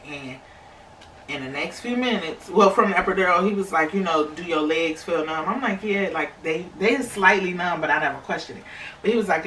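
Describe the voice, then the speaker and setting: A woman's voice: on the low side, fairly bright tone, a little hiss or hum. A young adult woman casually telling a personal story to her viewers, chatty, with many fillers. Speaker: vlogger. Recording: echoey room, slightly distant mic.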